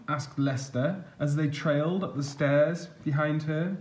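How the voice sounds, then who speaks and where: A man reading a picture book aloud as a storyteller, gentle and expressive. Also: fairly high pitch, measured pace, few pauses, roomy sound.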